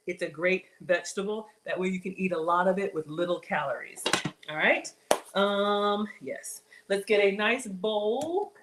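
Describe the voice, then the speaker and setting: A woman's voice: medium pitch, slight background noise. Chatty woman hosting a cooking stream. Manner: chatty, upbeat, addresses viewers as y'all. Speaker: cooking show host. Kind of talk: live-stream cooking demo, casual chat. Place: home kitchen, indoors.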